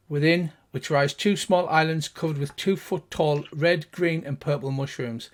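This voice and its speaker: An older man narrating as game master, setting scenes in an unhurried, descriptive way. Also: on the high side.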